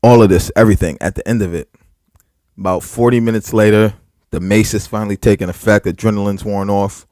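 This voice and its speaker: A man's voice: fairly low pitch, a little fast, no echo, studio quality. Profane, rambling storyteller man. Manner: heavy filler words, profane, animated retelling. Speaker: podcast co-host. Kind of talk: casual storytelling.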